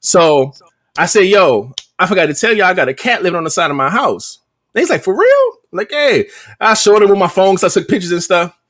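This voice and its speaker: A man's voice: sits high, expressive, fast talker, a bit bright. A man co-hosting a podcast, telling a story in casual, profane slang with lots of energy. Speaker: podcast co-host. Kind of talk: casual chat.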